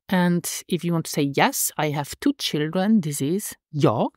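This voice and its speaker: Female language teacher, low but very lively voice, drills each phrase slowly twice, dry close sound. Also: no echo. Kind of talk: slow, clear language lesson.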